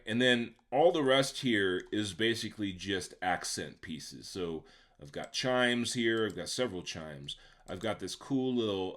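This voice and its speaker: A man's voice: deep voice, fairly bright tone. A man producer explaining how he built a beat, in a casual step-by-step tutorial that keeps checking in with the listener. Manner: conversational, checks in with the viewer by asking "right?". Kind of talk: casual software tutorial walkthrough.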